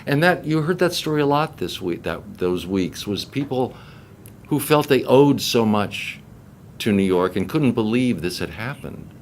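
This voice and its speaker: In a convention press room, an older male voice actor tells a long story at an unhurried pace, his voice medium in pitch. He's an animated storyteller who performs the voices of the people he quotes, with slight background noise in the recording.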